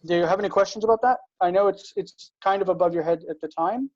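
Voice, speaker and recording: Man teaching hebrew online, patient, warm mellow voice, dry dull call audio. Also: high-pitched, no echo. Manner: slow, patient explaining with frequent checks for understanding. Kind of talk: online class lesson.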